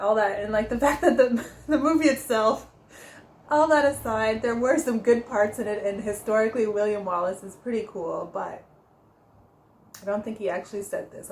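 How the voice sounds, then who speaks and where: A woman giving a casual tarot reading for her vlog, chatty and quick to laugh, often stopping to correct herself. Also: mid-range voice, reverberant, a little hiss or hum, poor audio. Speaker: tarot reader.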